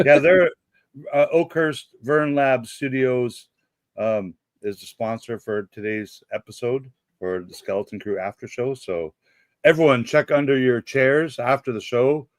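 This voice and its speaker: A man's voice: mid-range voice, measured pace, dry recording, studio quality. A man from Canada, hosting a casual show chat in an easygoing way and laughing often. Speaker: show host.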